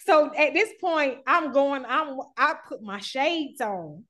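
A woman telling a story with animated flair, acting out the other people's voices. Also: sits high, takes it slowly. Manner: acts out voices in stories, laughs often. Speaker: guest.

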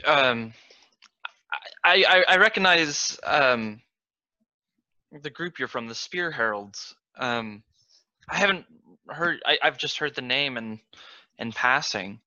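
A man playing in a tabletop game, speaking in character in a halting, stammering way. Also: mid-range voice, expressive, sharp tone, no echo. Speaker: player. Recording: dry, dull lo-fi mic.

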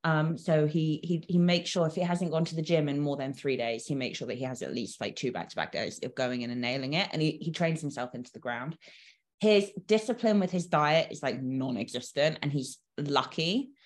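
A woman's voice: sits low, brisk. A British woman co-hosting a podcast, chatting casually with blunt teasing humor and frequent laughter. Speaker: podcast co-host.

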